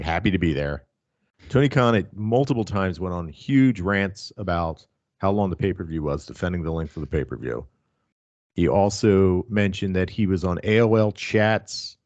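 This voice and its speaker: A man's voice: low-pitched, darkish tone, no echo, dull audio. A man co-hosting a wrestling podcast, talking in a profane, rambling, sarcastic way. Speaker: podcast co-host. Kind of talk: casual wrestling podcast chat.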